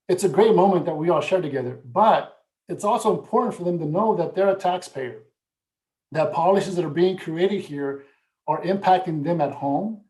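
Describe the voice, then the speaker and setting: A man's voice: fairly high pitch, darkish tone, roomy sound, low-quality recording. A man speaking as a guest in an interview, earnest and reflective, at times close to emotion. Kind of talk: conversational interview answers.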